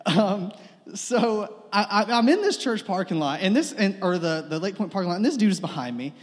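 A young man gives a sermon in a relaxed, joking storytelling manner, sprinkled with fillers and asides. His voice sits high for a man. The sound rings with the long reverb of a church hall. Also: normal speed. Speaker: pastor.

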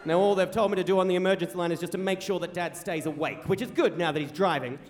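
Young male storyteller, high voice, animated, echoey hall. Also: fast, crowd noise. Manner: animated, swings between hushed and loud. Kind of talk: comic live storytelling. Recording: echoey hall, faint hum.

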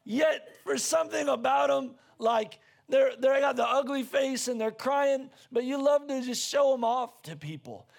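A man preaching a sermon as pastor, earnest and conversational, repeating himself as he searches for words and rising near a shout when stirred. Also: very high voice, unhurried, vocal fry.

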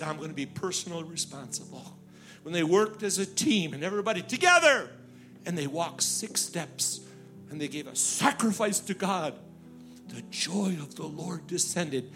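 A middle-aged man from Ukraine preaching and telling a personal story in lively, animated style, acting out the people he quotes. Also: high-pitched. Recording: music playing underneath.

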